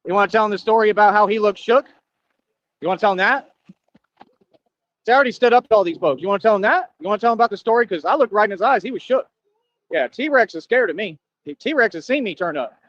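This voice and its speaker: A man's voice: high voice, expressive, fast, a bit bright, a little hiss or hum. A man delivering a boastful, confrontational monologue as a streamer, taunting his listeners. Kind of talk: ranting monologue. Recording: dull lo-fi sound.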